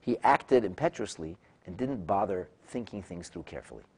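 A man with a fairly low voice delivers a text-study lecture. He talks animatedly, often restarting and repeating words, and breaks into loud, dramatic bursts when he voices the people he quotes. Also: expressive, normal speed, breathy edge. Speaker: Torah teacher.

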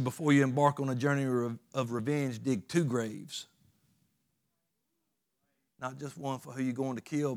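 A man preaching a sermon in a folksy, emphatic way, with plain rural grammar. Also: mid-range voice.

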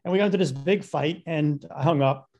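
A man's voice: a little high, fairly quick, gravelly, a little mellow, dull audio. An older man, a guest director, telling a long rambling story and acting out the voices of the people in it.

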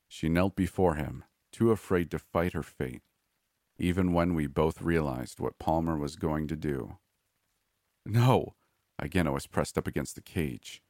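Deep-voiced man narrating a horror story. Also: dark tone, dry recording, studio quality. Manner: measured, grim first-person storytelling.

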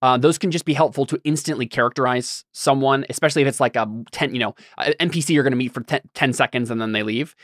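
A man's voice: mid-range voice, fast talker, few pauses, fairly bright tone, no room sound, studio quality. Easygoing man hosting a podcast. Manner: easygoing, lots of fillers and affirming "yeah". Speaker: podcast host. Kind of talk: casual podcast chat.

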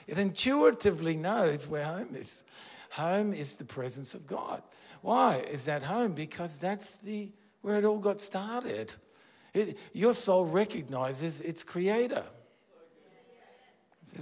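A man's voice: a little high, expressive, slow pace, darkish tone. A man preaching a sermon as pastor, earnest and conversational, asking his listeners questions.

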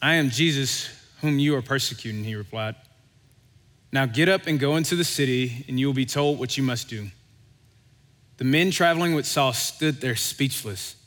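A male pastor preaching a sermon, with relaxed, conversational delivery and animated storytelling. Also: mid-range voice, normal speed. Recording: long hall reverb.

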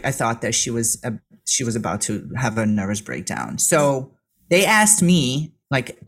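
A middle-aged woman from Serbia, a guest telling a personal story in an earnest way, halting and restarting as she gets emotional. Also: a bass voice, fairly bright tone.

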